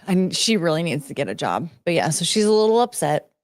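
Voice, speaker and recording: A young woman rambles through a casual live stream, chatting loosely with her viewers. Her voice sits fairly low, and the sound is dry and close with no room around it. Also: very animated, fairly quick, dry recording. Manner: rambling, chatty, greets chat viewers by name. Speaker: livestream host.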